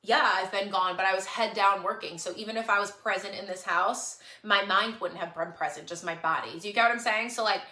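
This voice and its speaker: A woman's voice: medium pitch, a little fast, few pauses, pushed and bright, reverberant. Earnest tearful woman on a livestream. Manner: earnest, pleading, repeats herself for emphasis. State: tearful, on the verge of crying. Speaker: online shop owner on a livestream. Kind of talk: emotional livestream monologue to followers.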